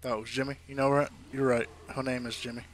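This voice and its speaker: A man giving casual let's-play commentary, animated and quick to exclaim. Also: mid-range voice, a little hiss or hum. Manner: animated, exclaiming at game moments. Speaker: gamer.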